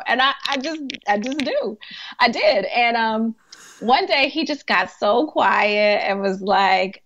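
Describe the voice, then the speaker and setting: With a slightly high, expressive voice, vocal fry, and a fairly bright tone, a woman talks at a normal speed over lo-fi audio. She's a hospice chaplain and grief coach chatting through stories in a podcast interview, laughing often and peppering her speech with "like."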